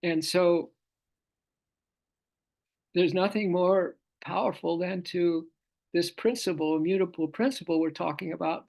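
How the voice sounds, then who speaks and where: A man leads a scripture study class in a rough, gravelly voice that sits a little high for a man. He talks loosely and playfully, repeating his phrases and chuckling often. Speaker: spiritual study class teacher. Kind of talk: live online scripture class talk.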